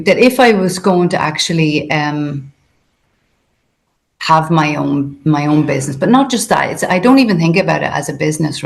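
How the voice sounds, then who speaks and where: A woman's voice: fairly low pitch, creaky. A woman being interviewed, talking in a hesitant, conversational way with many fillers and restarts. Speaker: interview guest.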